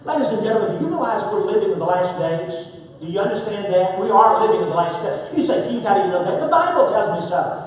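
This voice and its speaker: Picked up from a distance in an echoey church sanctuary, a man preaches fast and expressively in a high, darkish voice. His sermon is emphatic and repetitive, his volume swinging up and down, with slight background noise.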